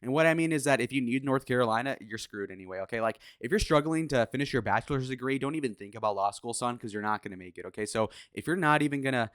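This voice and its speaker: A man's voice: medium pitch, lively intonation, fast talker, few pauses, fairly bright tone, smooth, no room sound, clean studio sound. A man giving casual political commentary in a crude, sarcastic, opinionated way, with swearing.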